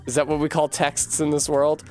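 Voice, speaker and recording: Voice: medium pitch, monotone, normal speed, darkish tone, faint music behind. A streamer playing a story game, reading the dialogue aloud and cracking sarcastic, jokey asides.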